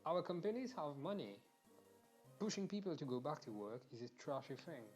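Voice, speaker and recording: A man's voice: a little high, sing-song, normal speed, darkish tone, faint music behind. A young man from Mauritius, ranting casually and animatedly during a game stream, swearing and restarting sentences.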